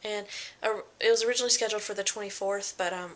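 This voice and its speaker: Speaking fast in a steady, medium-pitched tone, a young woman chats casually in her pregnancy vlog. Fillers run all through her talk, and she frequently voices what other people said.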